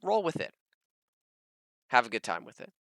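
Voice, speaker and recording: A man co-hosting a casual panel chat as a dungeon master, talking in an animated, emphatic way with lively jumps in pitch. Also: moderate pace, creaky, no echo. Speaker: podcast co-host, dungeon master.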